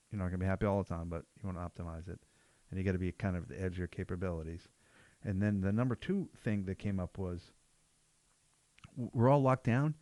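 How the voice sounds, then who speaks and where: Brief: male podcast host and jiu-jitsu black belt, deep voice, dry mic, conversational, leans on "right?". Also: darkish tone, no room sound. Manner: keeps checking in with "right?". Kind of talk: casual podcast chat.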